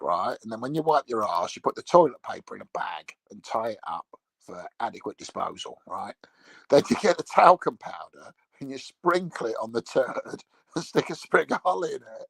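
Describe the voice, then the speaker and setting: Gravelly man rambling crudely. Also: mid-range voice, expressive, moderate pace, a bit bright, no echo. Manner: crude, rambling, laughs at his own jokes. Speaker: vlogger. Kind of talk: casual rambling monologue.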